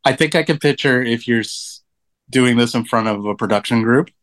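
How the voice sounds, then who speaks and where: A man's voice: medium pitch, moderate pace, fairly bright tone. A man joining a casual film podcast as a guest, talking in a loose, rambling way with many fillers.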